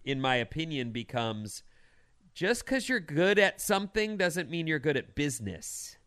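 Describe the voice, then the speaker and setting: A man's voice: fairly high pitch, very animated, normal speed, fairly bright tone, clear, resonant tone. A man hosting a radio show, chatting casually and reading quirky news items with an opinionated, teasing manner.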